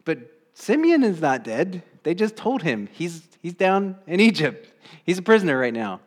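A man's voice: sits high, sing-song, normal speed, husky. Conversational male pastor preaching a sermon. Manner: conversational, asks the congregation rhetorical questions; acts out quoted voices with bursts of energy.

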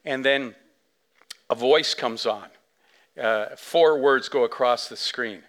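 A male pastor preaching a sermon in an animated storytelling manner. His pitch sits in the middle but swings widely as he acts out the scenes. He talks casually, with plenty of asides and fillers. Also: slow pace. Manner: animated storytelling, big swings from soft to loud; conversational, many fillers and asides.

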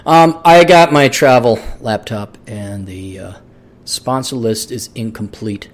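Man, podcast host, solo monologue, rambling, sarcastic, swears a lot, mid pitch. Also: slow.

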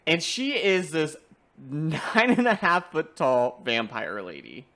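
A young man chatting casually about video games, animated and often breaking into laughter. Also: on the high side, slow pace.

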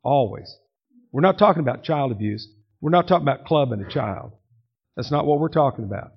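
A man's voice: medium pitch, expressive, a little fast, creaky, slightly rough. An older man preaching a sermon to his congregation, telling family stories in a folksy way and teasing people in the pews. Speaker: pastor. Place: church sanctuary. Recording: muffled lo-fi church recording.

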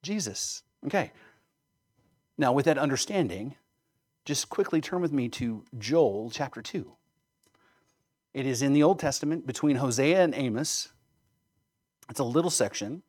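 A man's voice: mid-range voice, expressive, unhurried, long pauses, a little mellow. A male pastor preaching a sermon, emphatic, often checking in with rhetorical questions.

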